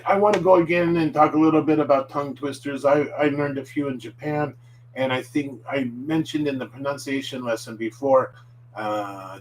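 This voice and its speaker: A man teaching a casual spoken lesson, patient and chatty, slowly drilling words for listeners to repeat, with frequent fillers and self-corrections. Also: medium pitch, slight background noise, low-quality recording. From United States. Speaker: language teacher.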